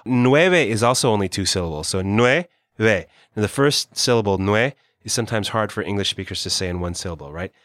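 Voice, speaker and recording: A man with a lowish voice teaching Spanish pronunciation in a relaxed lesson chat. He breaks words down and says them slowly for learners. The sound is close and dry, with no room around it. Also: no room sound. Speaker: Spanish teacher, podcast co-host. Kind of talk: conversational language lesson.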